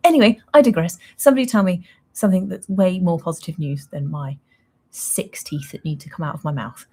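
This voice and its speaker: A woman's voice: fairly low pitch, brisk, dark tone, husky. A young woman hosting a casual livestream, chatting in a rambling, self-mocking way and laughing often. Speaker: livestream host.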